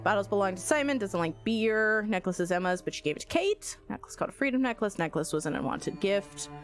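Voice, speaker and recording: A woman's voice: mid-range voice, animated, fast, soft background music. A young woman streaming a game, chatting with viewers, telling stories and thinking aloud in a giggly way. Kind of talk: casual live-stream chat.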